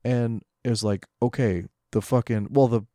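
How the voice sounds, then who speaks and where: A man co-hosting a podcast, venting in a loose, foul-mouthed rant. His voice is mellow and dark, at a middle pitch. The sound is close and dry. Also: fairly even intonation, normal speed, dry recording. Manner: ranting, heavy swearing, mocking imitations. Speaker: podcast co-host. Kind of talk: casual profane rant.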